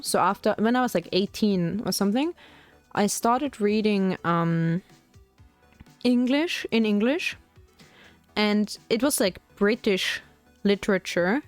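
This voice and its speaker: A woman's voice: mid-range voice, no room sound. A young woman streaming as a VTuber, chatting in a rambling, casual way while she paints miniatures, full of "like" fillers.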